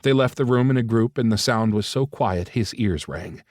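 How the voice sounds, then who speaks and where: With a mid-range voice, a male narrator reads an audiobook script in an even, measured storytelling style. There is no room sound, just a dry, close studio mic.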